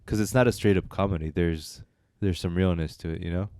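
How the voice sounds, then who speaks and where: A man's voice: sits low, steady tone, a little fast, mellow, dry recording, clean studio sound. A man co-hosting a casual film review chat, rambling and hesitant with many fillers and restarts. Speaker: podcast co-host reviewing films.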